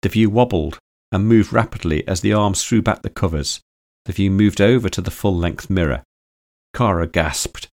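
A man narrating a story audiobook in a steady, even reading style. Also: deep voice, moderate pace, no echo, studio quality.

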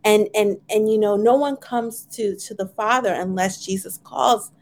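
A woman co-hosting a casual faith chat, animated, laughing often and tagging lines with "right?". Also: medium pitch, moderate pace, slight background noise. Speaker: podcast co-host.

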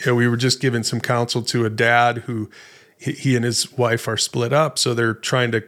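Man, middle-aged, podcast co-host; conversational, restarts often, mid-pitched. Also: little pitch movement, normal speed, a bit bright. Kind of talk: casual podcast talk.

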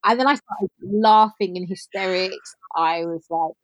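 A woman, telling her story as a podcast guest in an animated way, acting out bits of dialogue. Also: mid-range voice, a little slow, no echo, lo-fi sound. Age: 40s. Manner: animated, laughs often, reenacts dialogue. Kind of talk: casual storytelling.

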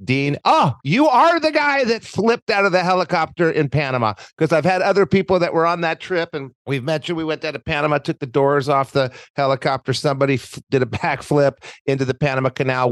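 A man's voice: on the high side, a little fast, hardly any pauses, no room sound, studio quality. A middle-aged man hosting a podcast, talking in a playful, teasing, rambling way. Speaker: podcast host. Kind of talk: casual interview chat.

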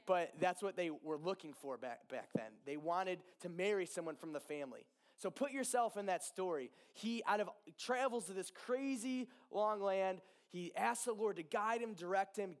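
A young man telling a Bible story in a casual, animated sermon, with fillers, asides and quick acted-out dialogue. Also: high voice.

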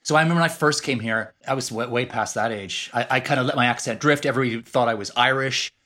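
A middle-aged man with a Canadian accent, a guest author telling lively stories in a podcast interview. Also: mid-range voice, quick pace. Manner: animated storyteller, laughs often.

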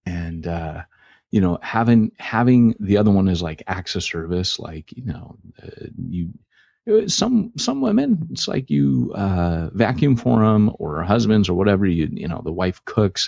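A man's voice: low voice, vocal fry, darkish tone, breathy edge, dry recording. A man co-hosting a podcast in casual, rambling chat with lots of filler words, on dull lo-fi audio. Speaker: podcast co-host.

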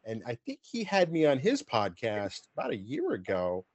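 A man's voice: medium pitch, huge pitch swings, normal speed, dry recording. A man hosting a casual video-call interview, chatty and rambling with fillers and restarts. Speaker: podcast host.

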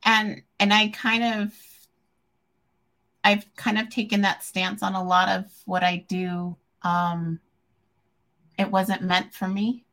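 Woman, 40s, podcast host, open and emotional, mid pitch, gravelly edge. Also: level tone, slow, pauses often, fairly bright tone. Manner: candid and emotional, with frequent ums and self-restarts. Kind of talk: casual chat.

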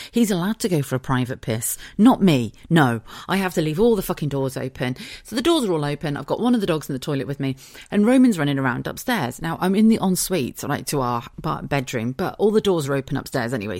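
Low-voiced swearing British mum. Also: female voice, a little mellow, dry recording, clean studio sound. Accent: British English. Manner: chatty, swears freely, laughs often. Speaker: podcast host. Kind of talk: casual solo podcast storytelling.

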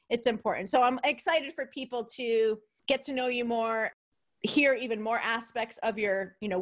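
A woman's voice: a little high, fairly bright tone. A woman with a New York accent hosting a podcast interview, chatty and bubbly, laughing often. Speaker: podcast host. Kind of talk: casual interview chat.

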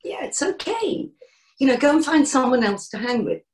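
Animated woman coaching on a podcast. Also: sits high, normal speed. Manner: animated, gently encouraging, acts out inner voices. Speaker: coach and guest. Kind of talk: podcast interview.

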